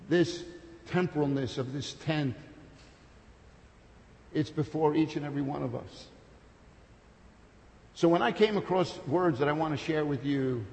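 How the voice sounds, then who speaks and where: A man preaching a sermon with passion, building to loud peaks and then dropping to soft, intimate storytelling. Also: on the high side, creaky. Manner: impassioned, builds to shouts, then drops soft. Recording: long hall reverb.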